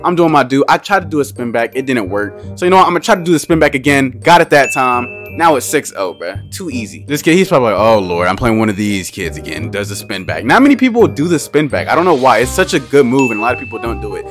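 A young man talks through his gameplay at a quick clip, loose and slangy, tossing in "bruh" every few lines. His voice sits at an ordinary middle pitch for a man, with faint music playing behind him. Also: sing-song, fairly bright tone. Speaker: gaming YouTuber. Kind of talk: gameplay commentary.

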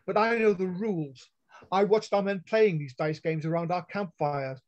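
A man voicing a bold young noblewoman who speaks in a high, clear, firm voice while reading a story aloud. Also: moderate pace, close to an everyday voice. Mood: commanding. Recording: dull lo-fi online call audio.

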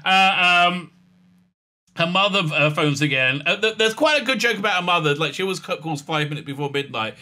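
A man casually recapping and reviewing a TV episode as a channel host, sarcastic and animated, with lots of fillers and restarts. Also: sits high, fairly quick. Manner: sarcastic and animated, with many fillers and restarts, acting out quoted lines.

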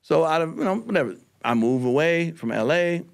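Male comedian, podcast guest, rapid animated storytelling, heavy swearing. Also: a little high, gravelly. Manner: profane, animated storytelling with voiced quotes.

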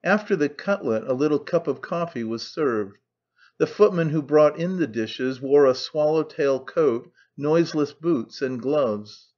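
Audiobook narrator, man, measured classic-novel reading, slightly high voice, dull lo-fi sound. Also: animated, darkish tone. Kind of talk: scripted narration. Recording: dull lo-fi recording.

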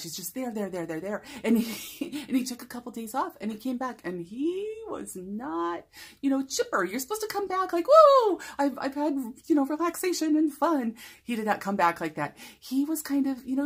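Speaker, woman, bubbly storyteller, breathy tone, acts out quotes. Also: on the high side. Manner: animated, laughing often, acting out quotes. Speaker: motivational speaker. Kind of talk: casual storytelling to camera.

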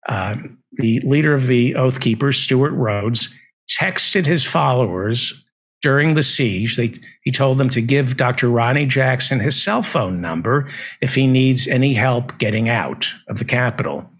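A man with a husky, slightly breathy voice, hosting a satirical news monologue. He talks in a sardonic, deadpan way, letting ironic pauses land. His pitch sits in an ordinary middle range for a man. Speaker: news comedy host.

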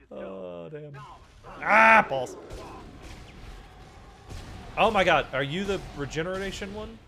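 A man's voice: high voice, slow pace, vocal fry, long pauses, bright, forceful tone, slight background noise. A young man giving casual commentary while playing a horror game, joking, swearing often and yelping at jump scares. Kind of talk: casual let's-play commentary.

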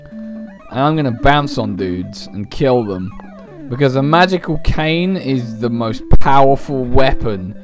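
A young man narrates his gameplay in a sarcastic, rambling comedic style, speaking to his viewers. He swings between dry asides and loud outbursts. Faint plucked guitar music plays behind him. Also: mid-range voice. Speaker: let's play commentator.

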